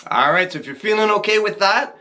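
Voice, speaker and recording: A man teaching a ukulele strumming lesson, talking to viewers in a relaxed, encouraging way. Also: sits high, quick pace. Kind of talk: casual instructional talk. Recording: ukulele playing behind voice.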